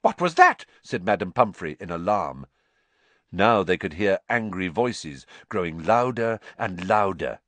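A man reading an audiobook aloud, expressive and acting out each character. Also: low-pitched, a little slow, no room sound. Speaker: audiobook narrator.

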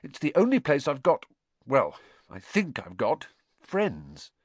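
A man's voice: mid-range voice, wildly swooping pitch, takes it slowly, dry recording, voice pushed up, exaggerated voice. A man voicing an earnest, frustrated young boy wizard who speaks urgently and defiantly, in an audiobook. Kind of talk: audiobook character voice.

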